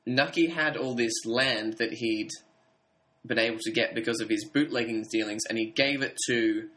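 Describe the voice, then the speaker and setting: Bright-voiced man recapping a plot. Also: medium pitch, normal speed. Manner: explains plot points steadily, hedging with "I think". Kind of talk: casual podcast chat about a TV drama.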